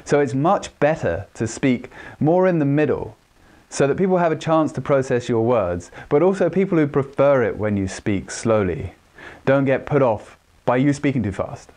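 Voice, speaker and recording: Man, communication trainer, instructional talk, mid pitch, measured delivery. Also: animated, darkish tone. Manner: demonstrates voice pitch and speed while explaining.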